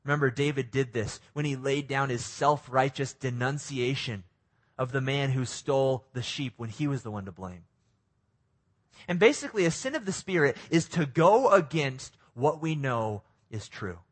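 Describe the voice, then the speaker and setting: A man preaching a sermon, reading scripture in a calm, measured way and then putting lively questions to his congregation. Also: medium pitch. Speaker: pastor.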